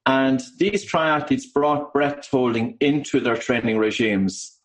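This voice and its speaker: An Irish man of middle pitch, calmly setting out facts as an interview guest. He speaks in a measured, explanatory way with the odd um. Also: rough recording. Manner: measured, explanatory, with occasional ums. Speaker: author and breathing coach.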